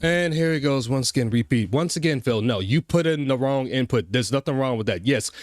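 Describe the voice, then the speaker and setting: A man's voice: medium pitch, dry recording, clean studio sound. A man hosting a casual reaction commentary, talking to chat and scolding a streamer with exasperated repetition.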